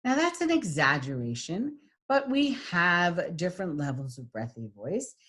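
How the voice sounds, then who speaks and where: A woman's voice: fairly low pitch, sing-song, normal speed, fairly bright tone. A woman teaching an online lesson on voice qualities, speaking with many ums and exaggerating sounds to demonstrate them. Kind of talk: online lecture with screen share.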